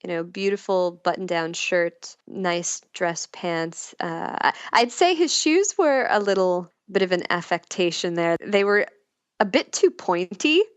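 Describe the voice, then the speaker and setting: A woman's voice: lowish voice, sing-song, a little slow, clean tone, no echo. A woman talking frankly and casually as a podcast guest, laughing often as she talks. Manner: frank, giggly, breaks into laughter. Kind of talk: candid casual chat.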